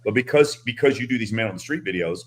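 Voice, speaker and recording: A man in a group talk, explaining things in a deliberate, somewhat nerdy way. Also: lowish voice, lively intonation. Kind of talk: casual group chat on a stream.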